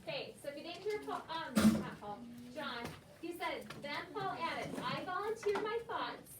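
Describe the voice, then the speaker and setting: A woman with a very high, animated voice speaks at a moderate pace. She's a teacher running a reading lesson, patiently prompting her pupils and explaining words. The recording is loud and noisy, captured from far off in an echoey classroom.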